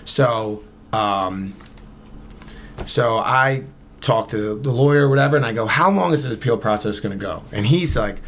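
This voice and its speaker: A man's voice: medium pitch, lively intonation, normal speed, fairly bright tone. A man in his thirties from Camden, New Jersey, a podcast guest casually telling a long story and acting out both sides of the conversation. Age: 30s.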